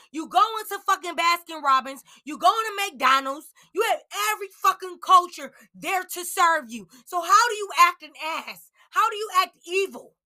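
A young woman hosting a podcast, ranting in anger, yelling and swearing. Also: very high-pitched. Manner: yelling, heated, profane. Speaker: podcast host. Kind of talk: angry personal rant.

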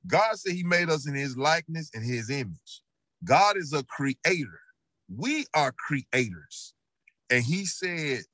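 A man's voice: a little high, a bit bright, dry recording. Earnest Memphis man, dry close sound. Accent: Southern US, Memphis. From Memphis, Tennessee. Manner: earnest, repetitive, preachy storytelling. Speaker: rapper guest. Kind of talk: casual interview talk.

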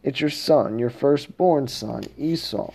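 A desperate grown son begs his father for a blessing, as a man reads the lines. The tone is mellow. It is a simple reading with no real character voice. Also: mid-range voice, slow pace, vocal fry. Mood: pleading. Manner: plain read-aloud delivery.

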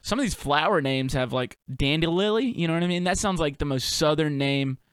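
A man's voice: on the high side, fairly quick, clean tone, no echo. Laid-back young man rambling, dry sound. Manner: loose, profane, stream-of-consciousness musing; laid-back slang with many fillers. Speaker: podcast host and touring performer. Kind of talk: rambling solo podcast monologue.

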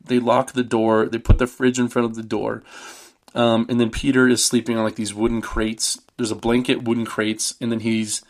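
A man's voice: mid-range voice, little pitch movement, moderate pace. A man hosting a podcast, casually retelling a horror film in a loose, rambling way full of "like" and "um". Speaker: podcast host. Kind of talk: casual movie recap.

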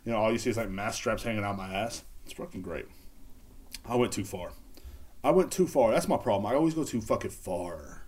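A man's voice: fairly low pitch, a little fast, darkish tone, slightly rough. A man hosting a casual solo podcast, rambling and cracking crude jokes into a recorder. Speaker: podcast host. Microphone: handheld recorder.

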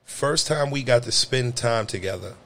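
A man's voice: mid-range voice, moderate pace, a bit bright. A man co-hosting a casual podcast chat, blunt and profane, telling stories animatedly. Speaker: podcast co-host.

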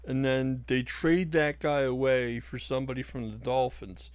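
Give me a calm, deadpan podcast co-host, dry close sound. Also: male voice, medium pitch, moderate pace, clear, resonant tone, dry recording. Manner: patient, tries to explain a point, deadpan comebacks. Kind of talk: casual podcast argument.

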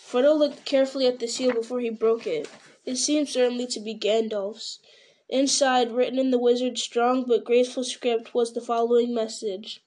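Woman narrator, storybook reading, steady delivery, fairly high voice. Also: normal speed.

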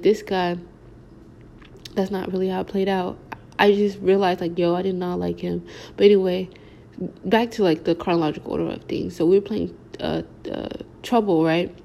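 A young woman spins a casual storytime, her voice low and dark with a gravelly fry running through it. She rambles loosely, packing her talk with slang and filler words. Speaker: vlogger.

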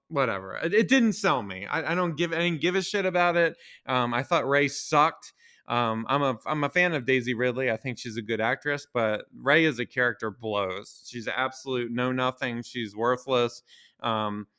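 Guy ranting on his podcast, cussing a lot, kinda high bright voice, super exasperated. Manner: profane, exasperated, rhetorical questions. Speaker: podcast host. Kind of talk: casual ranting monologue.

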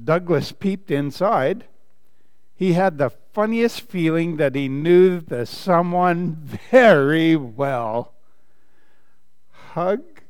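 Animated pastor reading a storybook. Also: male voice, on the high side, slow pace, clear, resonant tone, big-room sound. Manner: animated, playful read-aloud with asides and laughs. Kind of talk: reading a children's story in a sermon.

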